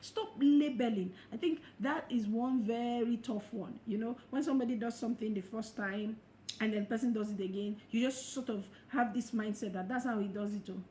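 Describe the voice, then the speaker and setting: A middle-aged woman giving a motivational talk as a life coach, expressive and laughing often as she acts out quoted thoughts. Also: on the high side, moderate pace. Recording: echoey room with faint noise.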